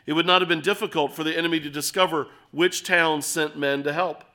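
A middle-aged man preaching an expository sermon, earnest and animated, acting out little scenes as he explains the text. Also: fairly high pitch, a little fast.

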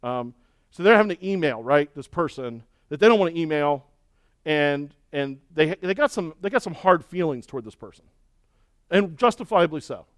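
A man's voice: on the high side, animated, moderate pace, dry recording, clean studio sound. A man preaching a sermon as pastor, emphatic and folksy, leaning on rhetorical questions and repeated words.

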